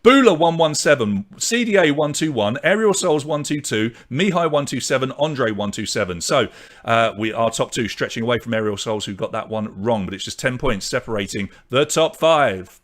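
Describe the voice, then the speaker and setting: A man hosting an online pub quiz, reading out questions, answer options and scores in a brisk, chatty way. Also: medium pitch, lively intonation. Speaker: quiz host.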